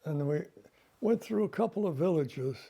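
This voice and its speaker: An older retired army veteran man recalling his service in a plain-spoken, halting way, with fillers and self-corrections. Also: on the high side, animated, creaky, warm tone, slightly rough. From United States. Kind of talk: oral history recollection.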